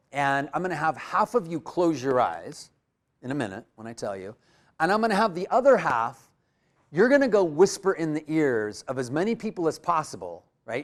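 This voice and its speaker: A man giving a live motivational workshop in a room full of people, energetic and coaching the audience with direct prompts. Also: fairly high pitch. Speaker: workshop speaker.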